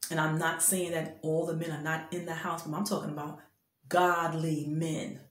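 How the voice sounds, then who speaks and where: A woman's voice: low voice, little pitch movement, moderate pace, roomy sound. A woman in her fifties giving an impassioned, preachy talk of faith-based advice, speaking emphatically and directly to men. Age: 50s. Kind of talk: impassioned spoken exhortation.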